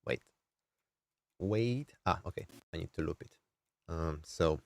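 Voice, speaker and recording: A man's voice: low voice, animated, takes it slowly, creaky, a little mellow. A man with a nasal, somewhat strained voice, casually explaining music production on a live stream, thinking aloud with many fillers. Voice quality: nasal, throat-squeezed.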